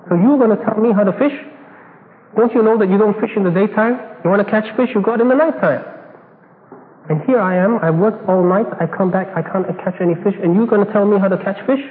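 A man's voice: high voice, moderate pace, pauses often, close to an everyday voice. A preacher acting an indignant stubborn fisherman. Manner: exasperated, argumentative questioning. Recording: tinny echoey hall recording, faint hiss.

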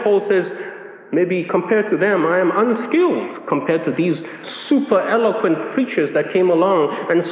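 A man preaches with a high, ringing voice, hammering home repeated phrases. The sound is thin and phone-like. A long hall echo trails every word. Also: a little hiss or hum. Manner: emphatic, repeats key phrases with rising pitch. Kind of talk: sermon. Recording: echoey hall on a tinny lo-fi line.

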